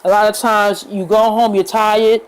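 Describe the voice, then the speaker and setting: Earnest woman vlogging in a gentle voice. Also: mid-range voice, flat delivery, smooth, low-quality recording. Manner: unhurried, with fillers and pauses. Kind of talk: casual talk to camera.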